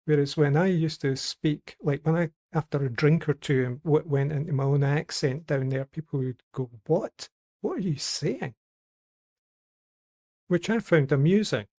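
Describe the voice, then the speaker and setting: A man's voice: a little high, normal speed, few pauses, a little mellow. A Scottish man chatting casually on a podcast, telling rambling anecdotes. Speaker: podcast regular. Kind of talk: casual group chat.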